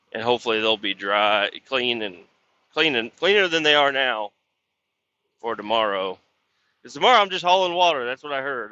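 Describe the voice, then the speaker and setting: Grumbling and swearing about hauling water for a living, this podcast host rambles casually with lots of fillers and obvious frustration. His voice is mid-range, bright and forceful, captured in dull lo-fi sound.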